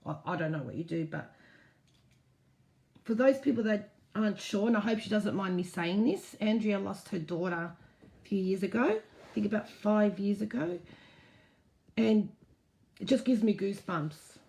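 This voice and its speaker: A woman's voice: mid-range voice, lively intonation, moderate pace, gravelly, pauses often, warm tone. A woman hosting a casual live stream, reading out viewer comments and answering them frankly. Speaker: host.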